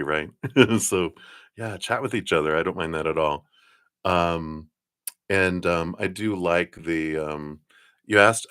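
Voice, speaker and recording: Deep-voiced guy doing live tarot readings, super giggly, keeps laughing, chatty spiritual vibe. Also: no echo, clean studio sound. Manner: warm, affirming, spiritual talk. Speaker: tarot card reader.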